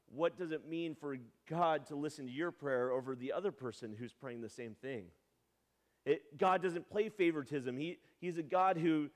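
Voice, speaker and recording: A male pastor preaching a sermon in a conversational way, often asking the congregation questions and acting out quotes with sudden jumps in pitch.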